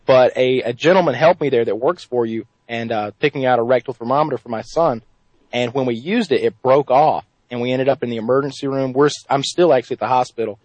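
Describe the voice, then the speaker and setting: A man's voice: mid-range voice, quick pace, no echo, lightly acted, rough recording. A man putting on a menacing redneck prank caller. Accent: Southern US rural put-on. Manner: drawling, menacing, deadpan. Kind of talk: prank call impression.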